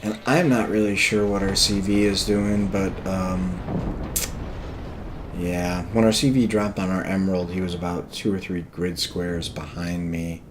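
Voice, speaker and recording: A gameplay commentator with a very deep voice talks through a replay of his match, relaxed and halting, often stopping on "uh" and "um." He seems a little tired and yawns. A steady hiss runs beneath his voice.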